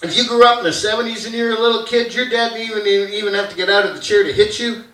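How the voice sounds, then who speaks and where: A man doing a stand-up comedy set on a theater stage, animated and bursting into shouted impressions of his dad. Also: high-pitched, rapid-fire. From Canada. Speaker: stand-up comic. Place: theater stage with audience laughter. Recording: roomy, distant theater recording.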